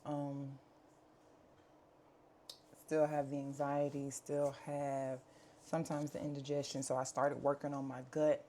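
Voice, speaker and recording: A woman's voice: low-pitched, monotone, a little slow, long pauses, warm tone, slight background noise. A woman, talking candidly to camera at home in a chatty, earnest way with plenty of fillers. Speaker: vlogger. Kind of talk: candid life-update talk to camera.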